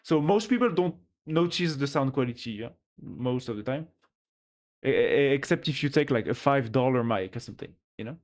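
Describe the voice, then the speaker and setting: A man streaming live, chatting about microphones in a rambling way with many restarts, his voice run through a pitch-lowering voice changer. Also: lively intonation, moderate pace. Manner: rambling, many restarts, reads chat aloud. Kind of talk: casual live-stream chat about gear. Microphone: studio mic on a boom arm.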